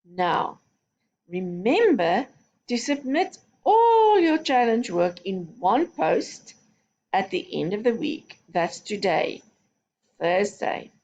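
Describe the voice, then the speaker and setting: A woman's voice: medium pitch, sing-song, slow pace, darkish tone, dull audio. A woman teaching a recorded phonics lesson to young children, giving patient, step-by-step instructions. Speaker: primary school teacher.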